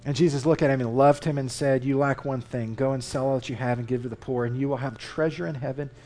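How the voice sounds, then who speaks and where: A man preaching a sermon in a conversational, emphatic way, reading Scripture aloud with animated inflection. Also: medium pitch, quick pace. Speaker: lay preacher. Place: church.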